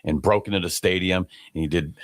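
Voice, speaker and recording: A man co-hosting a casual sports podcast, blunt and quick to get heated about players. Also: low-pitched. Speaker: podcast co-host.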